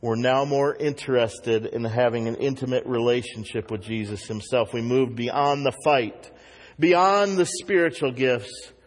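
A man preaching a sermon as pastor, earnest, rising higher and louder when he exhorts. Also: measured pace, in a large hall.

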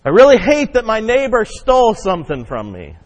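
A man preaching a sermon, leading the congregation in call-and-response and rising loud on key points. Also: high-pitched, wildly swooping pitch, fairly quick. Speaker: pastor. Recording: muffled sound with long hall reverb.

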